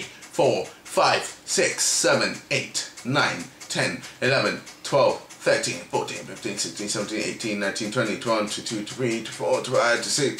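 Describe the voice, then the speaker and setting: An eighteen-year-old man doing excitable, frustrated let's play commentary, often shouting. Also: medium pitch, reverberant, recorded from a distance, slight background noise. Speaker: gaming YouTuber.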